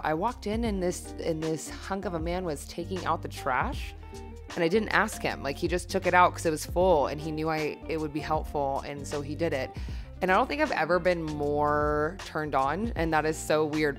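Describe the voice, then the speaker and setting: A woman DIY vlogger narrating in a chatty, candid voice-over with self-deprecating asides. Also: sits low.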